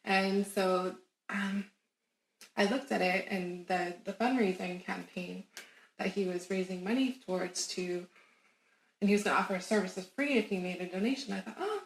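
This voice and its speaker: Animated woman telling her story. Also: medium pitch, moderate pace, vocal fry. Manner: animated, emphatic, laughs often. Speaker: guest. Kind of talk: casual storytelling interview. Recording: roomy echo.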